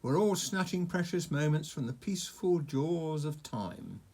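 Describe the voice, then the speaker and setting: A man's voice: on the high side, animated, measured pace, a little mellow, pitched above the performer's own voice. A man voicing a huge, cheerful and menacing male dragon who talks in a pompous, condescending way.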